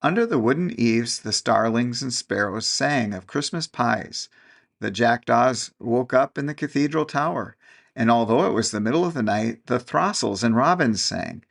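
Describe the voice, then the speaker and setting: Gravelly-voiced male storyteller. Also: medium pitch, animated, normal speed, fairly bright tone. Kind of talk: storybook narration.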